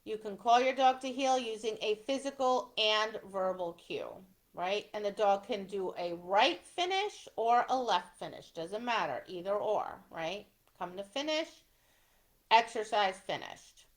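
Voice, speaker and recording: A woman's voice: mid-range voice, lively intonation, measured pace. A middle-aged woman teaching dog obedience trial rules step by step, often checking in with "right?". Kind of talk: instructional talk.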